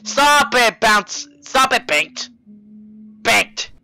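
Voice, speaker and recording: Young canadian guy playing a horror game, slow jumpy talk, super bright gravelly voice. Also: extremely high pitch, expressive. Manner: jittery, swings between mumbling, humming and yelling. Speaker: gaming YouTuber.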